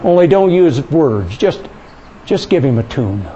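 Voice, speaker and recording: High-voiced man leading fervent prayer. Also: big pitch swings, muffled recording, slight background noise. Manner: fervent, intimate, coaxing the listeners to pray aloud; drifts into soft, slow speaking in tongues. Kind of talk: charismatic prayer session.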